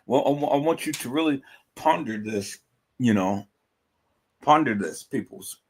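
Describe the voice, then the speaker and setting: A man's mid-range voice, expressive and a little slow with a breathy edge, carries his livestream commentary. As host he's emphatic and profane, repeats himself, and keeps calling out to viewers.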